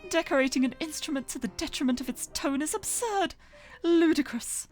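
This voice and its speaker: A woman's voice: on the high side, very animated, normal speed, faint music behind. A woman voicing a haughty, prickly young male pigeon aristocrat in a visual novel read-aloud, speaking in an imperious, scornful way. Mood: indignant.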